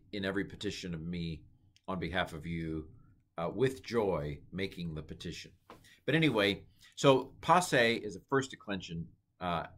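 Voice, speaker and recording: Man, very low voice, informal Greek lesson, halting, repeats words as he sounds them out. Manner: relaxed, thinking aloud with many ums and uhs; tries out pronunciations slowly, repeating words. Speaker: Greek teacher. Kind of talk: informal Bible language lesson.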